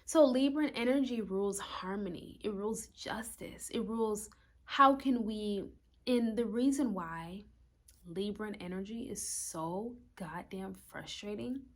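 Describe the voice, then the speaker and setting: A woman's voice: medium pitch, animated, a little slow. A young woman astrologer talking casually in a vlog, rambling through rhetorical questions and swearing now and then.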